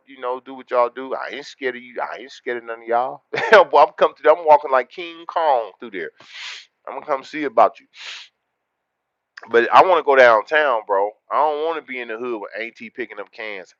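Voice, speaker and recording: A man hosts a livestream, talking to his chat in loud, boastful street slang. His voice sits in a middle register. The sound is dry and a little dull. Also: medium pitch, no room sound. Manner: loud, boastful street slang, repeats words in rapid runs. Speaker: livestream host. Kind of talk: casual livestream chat, reading the chat.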